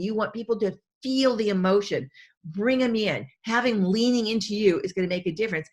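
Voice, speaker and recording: A woman speaking coach teaching a webinar in an enthusiastic, conversational way, often repeating herself for emphasis. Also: mid-range voice.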